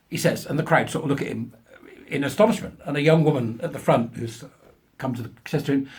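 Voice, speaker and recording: A man's voice: mid-range voice, a little fast. A man hosting a commentary show, ranting crudely and then telling a joke he laughs at himself. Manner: crude, ranting, laughs at his own jokes. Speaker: host.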